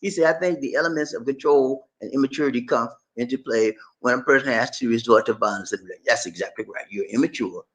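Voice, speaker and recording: A man hosting a livestream, chatting casually and reading viewer comments aloud in an animated, laughing, drawling way. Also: mid-range voice, fast, few pauses. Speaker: livestream host.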